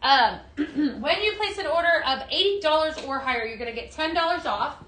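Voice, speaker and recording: A woman hosting a live sales stream, gushing excitedly and talking straight to her viewers in a chatty product demo. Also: high-pitched, moderate pace, slight background noise, poor audio. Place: indoors, dimmed room.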